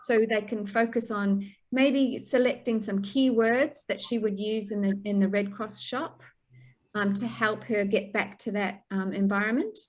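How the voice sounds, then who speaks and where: A middle-aged New Zealand woman who works as a speech pathologist gives an online talk to a stroke support group over a video call. Her mid-range voice is unhurried, and she speaks plainly and practically, with fillers and restarts.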